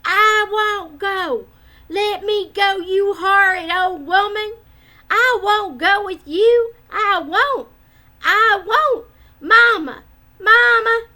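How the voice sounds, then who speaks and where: A woman's voice: slow pace, bright, forceful tone, heavily acted. A woman doing a screaming little boy. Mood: tantrum. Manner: screaming, shrill. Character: bawling furious little boy.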